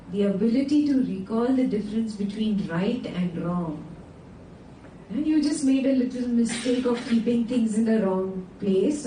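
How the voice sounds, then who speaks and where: A woman teaching a scripture class in a lively, questioning way, with a slightly high but mellow voice. She sounds some distance from the mic in an echoey room, with faint noise behind her. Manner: animated, asks the class frequent check-in questions. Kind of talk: teaching a class on a sacred text. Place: indoor class room with students.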